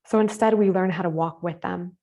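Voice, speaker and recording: A woman teaching a spiritual class live over a video call, with a voice pitched a bit low. She speaks gently and casually and often leans on filler words. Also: fairly even intonation, a little fast. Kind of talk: live online masterclass.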